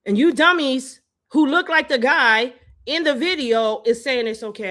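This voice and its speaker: A woman's voice: sits high, animated, brisk, sharp tone. A woman hosting a live-stream commentary, heated and profane, hammering her points with repeated rhetorical jabs into a phone. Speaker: host.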